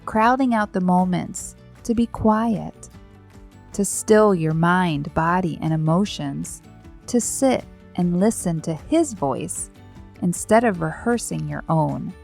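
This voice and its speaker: A woman's voice: on the low side, slow, vocal fry, darkish tone, faint music behind. A middle-aged woman hosting a devotional podcast, speaking in an earnest, reflective way with rhetorical questions and repeated phrases. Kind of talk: devotional talk.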